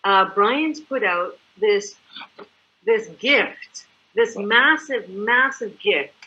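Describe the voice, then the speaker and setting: Animated woman presenter, bright and high-ish, slightly muffled lo-fi audio. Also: extremely slow. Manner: animated, chatty, acts out examples. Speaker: product distributor presenter. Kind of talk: enthusiastic sales presentation. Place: living in Mexico.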